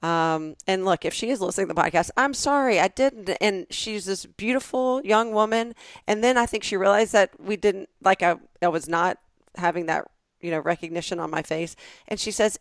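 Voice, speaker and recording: A middle-aged woman from the southern United States co-hosts a podcast, chatting casually in a medium-pitched voice at normal speed with no room sound. She's an animated, lively storyteller who acts out the voices she quotes.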